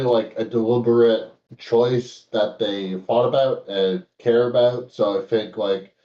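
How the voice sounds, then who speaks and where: Low, dark-voiced man on a distant, dull mic. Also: echoey room. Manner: thoughtful, hesitant, many fillers. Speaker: guest panelist. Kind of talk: casual chat on a live stream.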